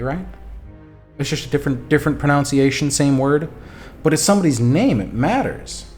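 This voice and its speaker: A man streaming a text adventure, reading the story aloud and talking back to his chat, animated and quick to swear. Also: medium pitch. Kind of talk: reading a game aloud and chatting with viewers.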